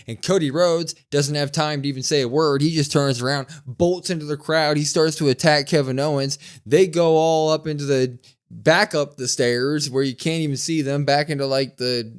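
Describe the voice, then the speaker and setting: A young man co-hosting a wrestling podcast, retelling the show in a lively, casual way and slowing down to mimic the people he quotes. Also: fairly high pitch, clean tone. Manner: animated retelling, slows to mimic quoted speakers. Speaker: podcast co-host. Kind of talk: casual recap chat.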